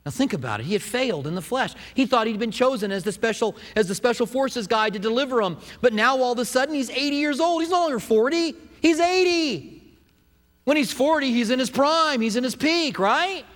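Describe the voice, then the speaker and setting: A man preaching a sermon, retelling a scripture story with animated storytelling. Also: very high voice. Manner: animated storytelling, acts out quotes. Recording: echoey hall.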